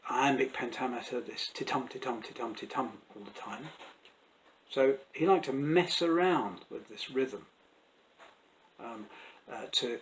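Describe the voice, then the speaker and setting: A man from England, an actor who teaches Shakespeare, talks through verse rhythm in a chatty, unscripted way. He stumbles and restarts now and then, and says the beats softly as he taps them out. His pitch sits in a middle range for a man. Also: rough recording. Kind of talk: friendly explanatory talk to camera.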